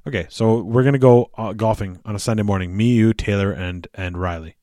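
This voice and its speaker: A man co-hosting a casual podcast chat, relaxed and quick to laugh, often restarting his sentences. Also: on the low side, no echo, clean studio sound. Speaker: podcast co-host.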